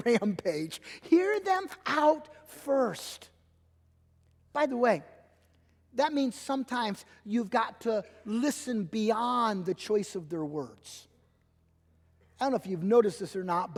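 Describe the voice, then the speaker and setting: A middle-aged man preaching a sermon as pastor, emphatic and animated, acting out little quotes as he goes. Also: very high voice. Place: church sanctuary. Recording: long church hall reverb.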